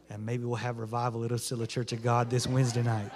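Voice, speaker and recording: A man's voice: mid-range voice, monotone, fast talker, noisy background. A man, a pastor preaching a folksy sermon in a small church. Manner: folksy Southern preaching, rising to fervent shouts.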